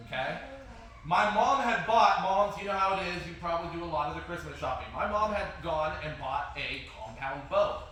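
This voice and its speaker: A high-voiced man teaches a martial arts class, calling out drills and telling stories with lively energy. He is picked up from far off in a booming, echoey training hall with steady noise around him. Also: normal speed. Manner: energetic, animated, calls out drills. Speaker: taekwondo instructor. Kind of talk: class instruction and storytelling.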